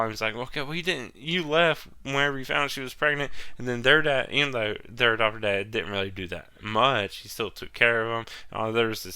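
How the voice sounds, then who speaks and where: A man's voice: fairly low pitch, pushed and bright, clear, resonant tone, dry recording. A man hosting a solo podcast, rambling casually and swearing as he recaps a film. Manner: rambling, loose and profane, drops into mock quotes. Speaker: podcast host.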